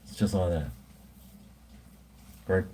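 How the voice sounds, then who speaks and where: A man's voice: lowish voice, measured pace, a little mellow, a little hiss or hum. A man, rambling and swearing freely in casual chat while drinking. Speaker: vlogger.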